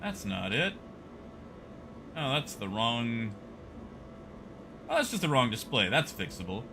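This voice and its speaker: A man's voice: medium pitch, big pitch swings, unhurried, creaky, noisy background. A man streaming a game live, chatting casually with his viewers by name while he plays.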